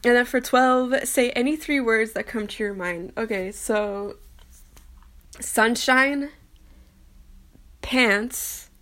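Young woman, casual vlog chat, self-deprecating, stumbles while reading, slightly high voice. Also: slow pace, pauses often, fairly bright tone. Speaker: vlogger.

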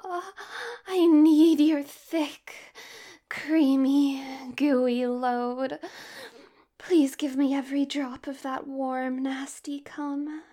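An eager female robot switched to a seductive mode breathes and whispers her pleas, as a woman puts her on. The voice is high and slow, drifting between soft voiced words and airy whispers. A whispered role-play for adult audio. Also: little pitch movement.

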